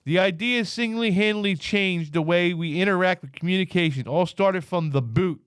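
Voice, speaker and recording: A man's voice: fairly high pitch, moderate pace, hardly any pauses, clean tone, no echo, clean studio sound. Brash, foul-mouthed man reading off a list. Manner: brash, profane, reads facts off a list. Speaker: podcast co-host. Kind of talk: casual comedy podcast banter.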